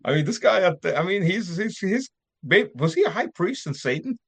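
A man's voice: high-pitched, very animated, normal speed. A man hosting a casual remote interview, often chuckling and stammering as he restarts his sentences. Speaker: host. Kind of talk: casual interview chat over a remote call.

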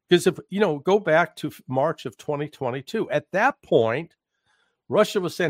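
A man giving political commentary in conversation, emphatic and halting, with restarts and fillers. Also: on the high side, lively intonation, no echo, clean studio sound. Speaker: guest commentator.

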